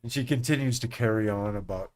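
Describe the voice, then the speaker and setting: A man's voice: mid-range voice, fast, a little mellow. A man narrating as game master in a tabletop game, often laughing as he narrates.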